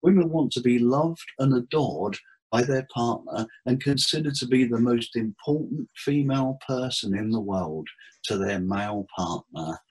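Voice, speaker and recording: A man's voice: mid-range voice, normal speed, breathy edge, low-quality recording. A man who works as a therapist, chatting in an interview and acting out conversations with his clients as he tells them. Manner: animated storyteller acting out client dialogue. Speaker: therapist guest. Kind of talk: casual interview chat.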